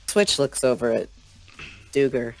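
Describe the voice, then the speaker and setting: A man playing a tabletop game, low-key and soft, describing his character's actions. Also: lively intonation, unhurried, no room sound, soft background music, low-quality recording. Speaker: player. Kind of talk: casual tabletop play.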